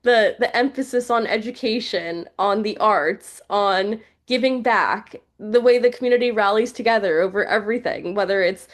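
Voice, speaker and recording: A woman's voice: medium pitch, normal speed, hardly any pauses. Brief: young woman guest, open and chatty, conversational podcast delivery. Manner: chatty, heartfelt, many fillers like "like". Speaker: journalist and news reporter guest.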